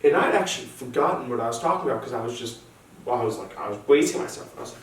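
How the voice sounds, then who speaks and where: A man's voice: mid-range voice, expressive, racing. Self-deprecating young male comic, echoey room. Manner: self-deprecating, hesitant with restarts. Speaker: stand-up comic. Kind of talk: stand-up comedy set. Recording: very echoey room, distant mic, faint hum.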